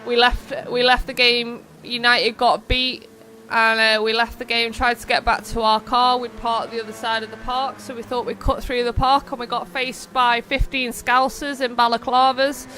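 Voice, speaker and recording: A woman's voice: on the high side, level tone, normal speed, pushed and bright. A young woman hosting a live stream of a racing game, chatting casually, wandering off on tangents and reading out viewers' messages. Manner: chatty, rambling, reads chat aloud. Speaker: streamer and race host.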